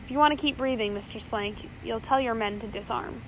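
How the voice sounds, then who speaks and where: A woman's voice: fairly high pitch, a little fast, slight background noise, lightly acted, poor audio. A woman voicing a cunning, ruthless male pirate captain who gives curt, commanding orders in a storybook reading. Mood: threatening.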